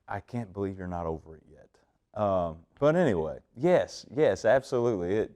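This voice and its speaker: A young man from southern Indiana with a twangy drawl, answering interview questions in a slow, laid-back way. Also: on the low side, big pitch swings, dark tone. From Indiana, USA. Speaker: country singer interviewee.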